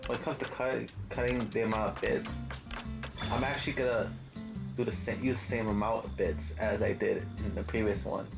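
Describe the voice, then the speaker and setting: A man's voice: fairly low pitch, fairly even intonation, brisk, creaky, over music, rough recording. A young man hosting a gaming channel, giving casual, slangy commentary and laughing at the game. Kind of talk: casual let's-play commentary.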